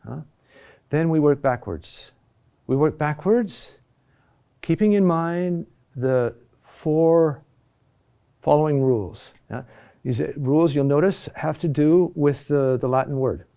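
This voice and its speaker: A man teaching a class on chant, slow and halting, often repeating key words and checking in with "huh?". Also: fairly high pitch, warm tone, smooth. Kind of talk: classroom lecture.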